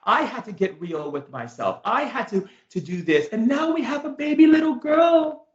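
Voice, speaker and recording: A man doing a high, indignant young woman. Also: big pitch swings, normal speed, sharp tone, exaggerated voice. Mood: grateful. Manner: indignant, then tearful and grateful. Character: distressed young woman seeking a baby. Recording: echoey room, dull sound.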